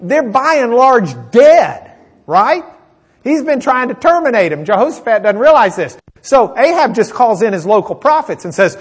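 A man preaching a sermon, retelling a Bible story in a lively way and acting out the characters' lines. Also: high voice, normal speed, husky.

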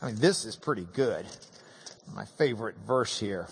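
A man's voice: on the low side, expressive, moderate pace, vocal fry, breathy edge. A man preaching a sermon, telling the story with humor and emphatic swings. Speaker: pastor.

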